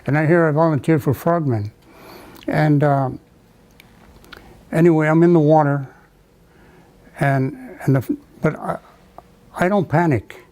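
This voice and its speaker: Older man recalling war, halting. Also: a little high, darkish tone, low-quality recording. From United States. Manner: halting, many restarts and fillers. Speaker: veteran interviewee. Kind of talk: oral history recollection.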